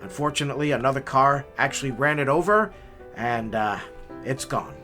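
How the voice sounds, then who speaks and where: A man voicing a caring police officer who speaks gently and hesitantly. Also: mid-range voice, moderate pace, soft background music, lightly acted. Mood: gentle. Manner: hesitant, gentle, with many uhs. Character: soft-spoken, caring male police officer.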